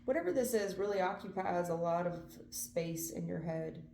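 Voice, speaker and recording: A woman's voice: on the low side, animated, normal speed, vocal fry, dark tone, echoey room, a little hiss or hum. A woman doing a casual tarot reading, earnest and emphatic, repeating phrases and swearing now and then. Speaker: tarot reader.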